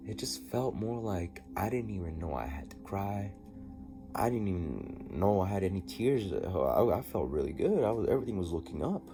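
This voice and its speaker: A man telling a personal story in a diary vlog, halting and rambling with many restarts. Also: low-pitched, sing-song. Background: music.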